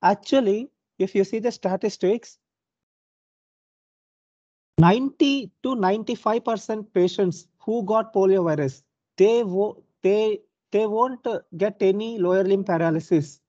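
Young Indian English male lecturer, patient step-by-step teacher, warm tone, dull lo-fi recording. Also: sits high, a little slow, no room sound. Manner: explanatory, frequent "uh" and "so", checks on students. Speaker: university lecturer. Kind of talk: online lecture.

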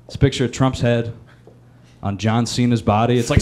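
A man performing a stand-up comedy set on a club stage, animated and bursting into loud shouting bits. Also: medium pitch, a little fast. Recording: live club recording with loud crowd noise. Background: loud audience laughter.

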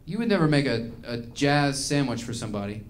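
A man's voice: mid-range voice, very animated, brisk. A man performing a live stand-up set in a small venue, ranting and rambling with plenty of profanity. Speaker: stand-up comedian.

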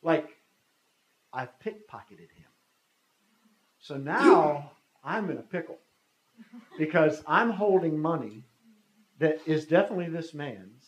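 A man's voice: fairly high pitch, expressive, unhurried, long pauses, echoey room, rough recording. A man in his fifties telling a personal story in a talk, speaking conversationally and acting out the dialogue. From United States. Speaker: guest speaker.

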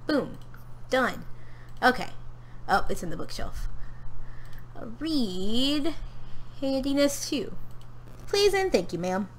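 With a high voice, big pitch swings, and a slow delivery full of pauses, a young woman gives casual commentary while streaming a life-sim game at home. She talks to her character and viewers, at times from across the room, far from her desk mic, over slight background noise.

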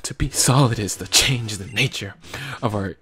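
A man voicing a solemn male ground-type elite trainer, slow and grave, breaking into laughs. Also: on the low side, pushed and bright. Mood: mock solemn. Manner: slow mock-grave speech broken by laughs.

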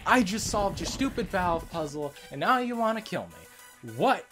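Foul-mouthed let's play gamer yelling at the screen. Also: medium pitch, big pitch swings, measured pace. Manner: swears and yells at the game character. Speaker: gaming channel host. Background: game music.

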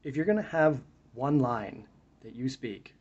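A man's voice: mid-range voice, animated, measured pace, a little mellow, breathy edge, lo-fi sound. A man giving a reflective Bible study talk, reading verses aloud and then musing on them in a thoughtful way. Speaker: Bible teacher.

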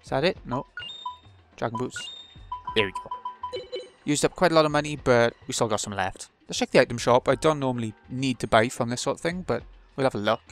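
A man's voice: medium pitch, a little fast, over music. A British man giving casual commentary on a video game he is playing, with dry, wry asides. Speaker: let's play host.

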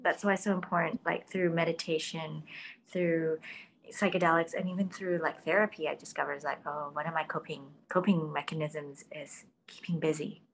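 A woman's voice: low voice, fairly even intonation, moderate pace, low-quality recording. Woman host, casual podcast chat, earnest and self-reflective, faint background noise. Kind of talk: casual conversation.

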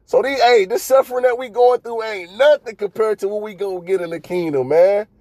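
A man preaching casually to his brothers while driving, exhorting them with many fillers and a repeated "man", and reading scripture aloud in slow phrases. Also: sits high, darkish tone, no room sound. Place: inside a car.

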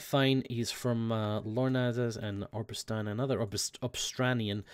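A man's voice: lowish voice, normal speed, dry recording. A man hosting a let's play, chatting and muttering as he checks documents, swearing now and then. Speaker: gaming video host.

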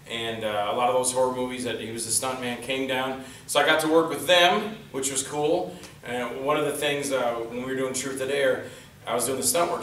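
Man, bright and forceful voice, animated panel storyteller, echoey hall, distant mic. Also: medium pitch. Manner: animated, acts out quotes in raised voices. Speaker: indie film actor and stuntman, panelist. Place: convention panel room. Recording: roomy hall from far off, faint noise.

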